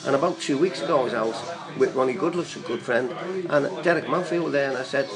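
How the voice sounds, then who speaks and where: A man's voice: medium pitch, fast talker, rough recording. An older man telling a long, chatty, rambling story as a guest on a talk show. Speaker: guest fan. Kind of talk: casual storytelling.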